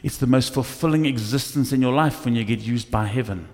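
A male pastor preaching a sermon, telling stories with lively acted asides in a church. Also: medium pitch, fairly quick. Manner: animated storytelling with acted asides. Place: church hall. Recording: echoey church hall.

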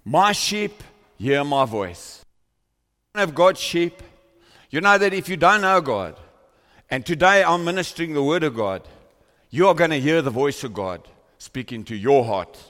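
In a large church hall, a man with a slightly high, somewhat bright voice delivers a sermon at a moderate pace, praying and telling stories with mounting fervor. The expressive pastor speaks into a microphone on a stand before his congregation.

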